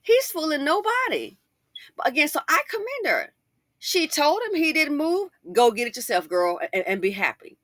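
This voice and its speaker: A middle-aged woman hosting a casual commentary monologue, chatty and animated, full of asides and emphatic rhetorical questions. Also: high-pitched, moderate pace, dry recording, studio quality. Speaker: commentary channel host.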